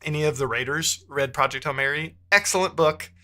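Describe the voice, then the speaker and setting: A man talks casually to his live-stream chat while he codes, thinking out loud and muttering as he works. His voice is bright and forward, and keys clatter under his words. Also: a little high, fairly quick. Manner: chatty, thinks aloud, muttering while typing. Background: keyboard typing.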